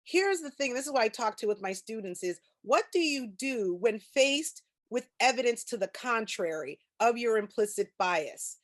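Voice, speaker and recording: A woman's voice: on the high side, lively intonation, normal speed, few pauses. A woman presenting a training session over a video call, explaining ideas through personal anecdotes. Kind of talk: conversational lecture.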